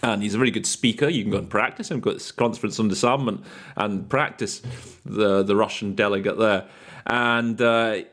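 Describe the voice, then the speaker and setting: A man's voice: fairly low pitch, fairly even intonation, brisk, a bit bright. A man coaching interpreters in a casual teaching talk, thinking aloud with fillers and restarts and telling chatty anecdotes.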